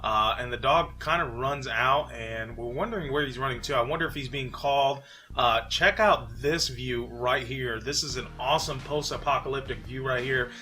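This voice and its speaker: A man from New York hosting a casual gaming commentary, relaxed and chatty with frequent fillers. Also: medium pitch, normal speed. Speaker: channel host.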